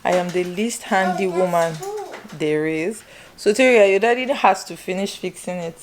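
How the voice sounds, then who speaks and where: A woman's voice: lowish voice, normal speed, faint music behind. A woman, chatting casually to camera as a vlogger. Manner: chatty, talks straight to viewers. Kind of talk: casual vlog chat to camera.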